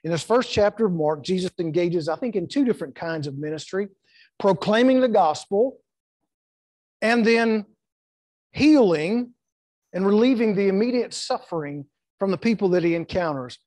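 Middle-aged male pastor, high-pitched, emphatic sermon delivery, dry close mic. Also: lively intonation, moderate pace, a little mellow, dry recording. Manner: emphatic preaching with acted-out quotes and repetitions. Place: church sanctuary.

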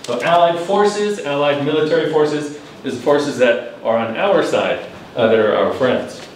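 A man's voice: a little high, measured pace, a little hiss or hum. Man, language evaluator, teacherly and patient, distant mic in a reverberant room. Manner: patient and teacherly, explains phrases and leads the room in repeating words. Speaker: language evaluator at a speaking club. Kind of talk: live spoken feedback to club members. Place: large echoey meeting room.

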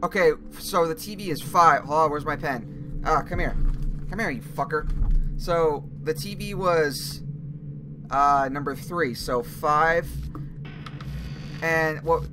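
A young man playing a horror game, talking through it in an excitable, jumpy way and swearing at scares. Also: fairly high pitch, slow, over music. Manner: excitable, jumpy reactions, swearing, thinking aloud. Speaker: gaming YouTuber. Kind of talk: let's play commentary.

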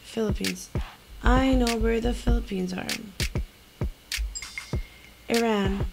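A woman's voice: fairly high pitch, slow, gravelly, poor audio. A young woman, playing a quiz and muttering to herself while laughing at her mistakes. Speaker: YouTuber. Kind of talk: casual quiz-playing chat. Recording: music playing underneath.

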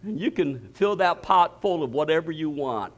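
An older man preaching a sermon, telling stories with bursts of shouting and laughter. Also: on the high side, expressive, moderate pace. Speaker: pastor.

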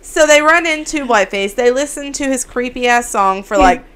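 A woman's voice: sits high, animated, moderate pace, fairly bright tone, slight background noise. A woman co-hosting a podcast, recapping a film in casual chat with a playful, profane manner. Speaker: podcast co-host.

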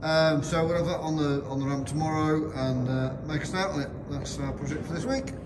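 A man's voice: a little high, fairly even intonation, brisk. A middle-aged man and racing driver chatting casually in a rambling vlog, full of restarts. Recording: noisy outdoor recording.

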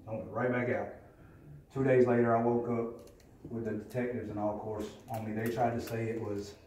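A man's voice: lowish voice, dark tone. A man giving a candid, profane personal testimony at a recovery meeting, in a plainspoken storytelling manner. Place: meeting room. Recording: echoey room from a distance.

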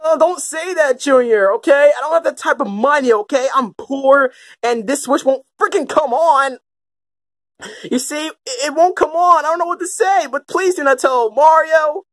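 A woman's voice: high-pitched, normal speed, close to an everyday voice. A woman voicing a panicky, melodramatic young male Koopa who whines and stammers in a puppet comedy skit. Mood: pleading.

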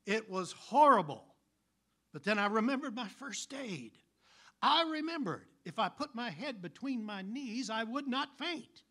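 A man voicing a prim, highly educated woman, raising his voice and speaking in a fussy, earnest way. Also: very animated, a little slow, sharp tone, exaggerated voice.

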